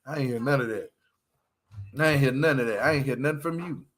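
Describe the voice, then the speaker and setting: A man's voice: mid-range voice, fast talker, a bit bright. A man hosting a loose, slangy livestream recap of a reality show, laughing often as he talks. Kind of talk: casual livestream commentary.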